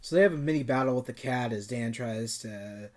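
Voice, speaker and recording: A man's voice: medium pitch, fairly quick, darkish tone. Easygoing man in casual podcast chat. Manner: chatty, loose, trails off with fillers. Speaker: podcast co-host. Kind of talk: casual movie review chat.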